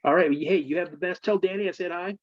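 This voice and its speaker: A man, a military veteran guest, telling personal stories in a casual interview, earnest and emotional with halting fillers. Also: sits high. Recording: dull, dry remote call audio.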